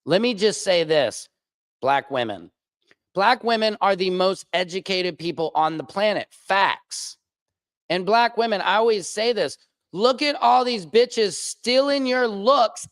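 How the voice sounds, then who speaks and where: A man hosting a livestream and talking in a crude, rambling, profane way, with big swings in pitch. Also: a bit bright, no room sound, studio quality. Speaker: streamer host. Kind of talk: casual livestream monologue.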